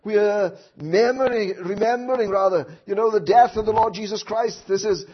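A man preaching a sermon who swings from hushed asides to loud impassioned outcries, with many rhetorical questions to his listeners. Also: high voice, normal speed, breathy edge. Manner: tag questions and rhetorical questions to the congregation. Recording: dull lo-fi recording.

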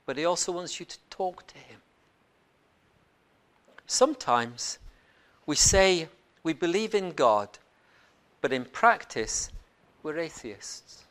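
A man delivering a sermon in a fairly high voice. His talk is earnest and conversational, with restarts and repeated words. He swings between hushed reflection and loud, emphatic declarations. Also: sing-song, slow, pauses often. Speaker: preacher.

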